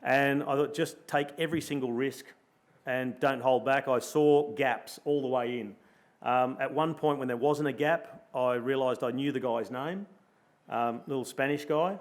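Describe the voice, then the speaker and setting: A middle-aged Australian man, a former pro cyclist, telling a lively story at a luncheon and acting out his own thoughts as he goes. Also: mid-range voice, measured pace. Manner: animated storyteller, acts out his own thoughts in quoted asides. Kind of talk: storytelling in a live interview. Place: luncheon event room.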